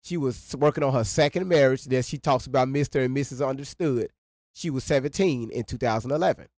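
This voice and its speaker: A man's voice: mid-range voice, fairly quick, a little mellow, no room sound, studio quality. A man giving heated reaction commentary, angry and profane, repeating himself for emphasis. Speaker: co-host of a reaction stream.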